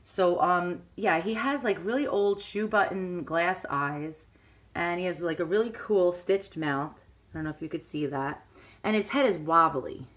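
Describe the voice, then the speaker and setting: Chatty New York woman, lowish voice. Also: unhurried, a bit bright. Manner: chatty, hesitant, many fillers. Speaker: collector showing a teddy bear. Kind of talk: casual show-and-tell vlog. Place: outdoors, then indoors at home.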